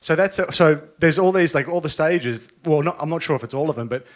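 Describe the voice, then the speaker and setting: A man's voice: fairly high pitch, a little fast. An Australian man, a guest DJ in casual chat, telling a long story with many restarts and fillers.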